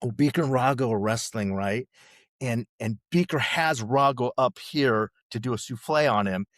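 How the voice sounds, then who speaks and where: A man's voice: medium pitch, normal speed, no room sound. Podcast guest, sixties, male: rambling, salty storyteller, dry close mic. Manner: rambling, profane, many restarts and "you know"s. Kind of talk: casual storytelling chat.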